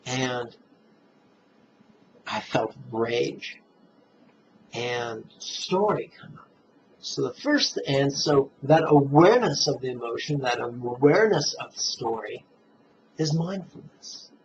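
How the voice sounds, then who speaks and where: A man teaching meditation in a relaxed, playful dharma talk, chuckling at his own jokes and guiding listeners step by step through the breath. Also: medium pitch, slight background noise. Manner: guides listeners slowly through breathing steps. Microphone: camera mic, self-filmed. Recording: dull, muffled camera audio.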